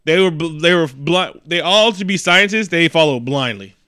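A man recapping a movie in a casual, profane way, animated and acting out the scenes. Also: fairly high pitch, normal speed, clear, resonant tone, dry recording, studio quality. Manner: animated, swears heavily, acts out scenes.

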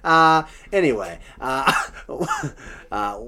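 A man's voice: fairly high pitch, very animated, very slow, bright, forceful tone. Wry man chatting on a podcast. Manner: wry, reads out quotes and laughs at them. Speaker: podcast co-host. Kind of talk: casual chat.

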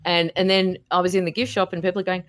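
Lively Australian woman telling stories. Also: fairly low pitch, fast talker. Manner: lively storyteller, acts out quotes. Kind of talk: casual podcast chat.

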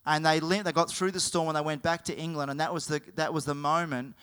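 A male preacher tells a story with animated energy, his voice bright and forward. He speaks crisply and cleanly, stopping now and then to correct himself. The pitch sits a little on the high side for a man. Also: fast. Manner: animated, with frequent self-corrections. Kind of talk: sermon storytelling.

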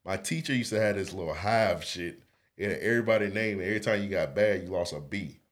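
A young man co-hosting a podcast, telling a childhood story in casual slangy talk, often laughing and getting animated. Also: deep voice, fast talker. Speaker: podcast co-host.

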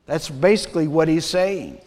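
A man preaching a sermon as a pastor, deliberate and measured, sometimes dropping to a hush. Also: fairly high pitch. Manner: slow, deliberate preaching with dramatic drops to a hush. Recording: long reverb of a large hall.

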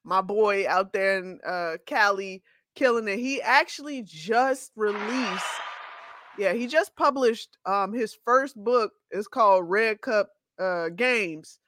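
A woman co-hosting a podcast in casual chat, relaxed and laughing often. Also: mid-range voice, slow pace, no room sound, clean studio sound. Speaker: podcast co-host.

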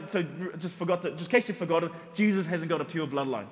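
High-voiced animated male preacher. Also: fairly quick, long reverb tail. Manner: animated, humorous storytelling with rhetorical questions. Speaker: pastor. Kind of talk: sermon. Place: church.

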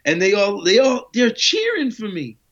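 A guest in a casual interview tells a long story, animatedly acting out conversations full of slang and swearing. His voice is high-pitched and moves at normal speed. The audio is muffled and lo-fi.

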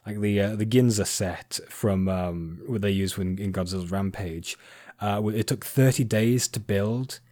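A man's voice: fairly low pitch, a little slow, darkish tone, no room sound, studio quality. A man hosting a casual podcast chat, explaining at length with frequent fillers and restarts. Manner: rambling, many fillers and restarts. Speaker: podcast host.

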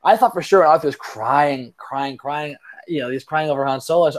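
Podcast host, male, slightly higher voice, rambling and self-deprecating, casual swearing. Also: fairly quick. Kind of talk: casual chat.

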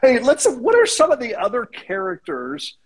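A man's voice: very high-pitched, sing-song, normal speed, vocal fry, breathy edge. A man hosting a radio interview, asking chatty questions in an upbeat, complimentary way. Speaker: radio show host. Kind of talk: casual interview chat.

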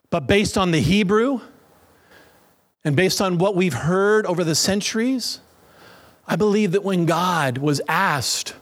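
A man preaching a sermon as a pastor, telling stories with lively acted-out voices and breathy sounds. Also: high voice. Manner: animated storytelling, acts out voices and breathy sounds.

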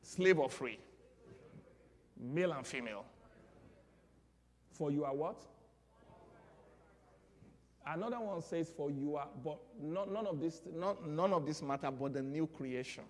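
A man with a Nigerian accent preaching a sermon, leading call-and-response and building to loud exclamations. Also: fairly high pitch, a little slow, long pauses. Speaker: pastor. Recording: long hall reverb.

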